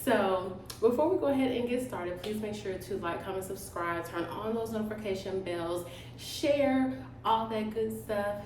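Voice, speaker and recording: A woman vlogger chats slowly and loosely, full of slang as she eats on camera. Her voice sits a little away from the mic in a roomy space, with a faint hum of background noise. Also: mid-range voice, darkish tone, distant mic. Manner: chatty, slang-filled, talks while eating. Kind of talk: casual mukbang chat.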